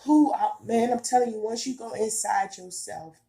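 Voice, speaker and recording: A woman's voice: on the high side, normal speed, warm tone. A woman giving a heartfelt spiritual monologue to her viewers, earnest and emphatic, repeating herself in casual everyday speech. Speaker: spiritual vlogger.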